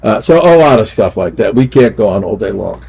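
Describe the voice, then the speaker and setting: A man's voice: lowish voice, expressive, a little fast, vocal fry, darkish tone, breathy edge, low-quality recording. A man hosting a casual panel talk, speaking with emphasis and repeating his key points. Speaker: host.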